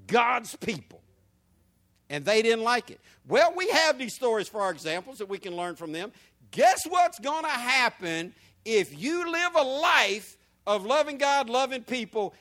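A male pastor preaching a sermon, asking the crowd questions and rising to shouts. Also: very high voice.

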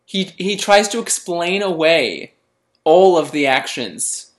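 A man's voice: a little high, expressive, slow pace. A man co-hosting a podcast in casual chat, blunt and opinionated with a joking edge. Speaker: podcast co-host.

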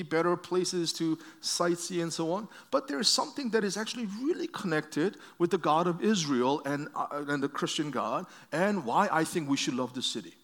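A man's voice: a little high, a bit bright. A man preaching a conversational sermon to a congregation, telling stories and asking questions, with frequent restarts. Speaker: pastor.

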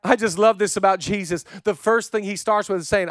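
A man preaching a sermon as pastor, with passionate rhythmic repetition, swinging from loud declarations to hushed, intimate passages. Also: sits high, animated, moderate pace, hardly any pauses, no room sound, clean studio sound.

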